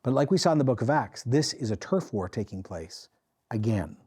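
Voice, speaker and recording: A man who is a pastor, preaching an animated sermon that rises loud and drops to quiet intensity, acting out the voices he quotes. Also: medium pitch, brisk, breathy edge. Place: church.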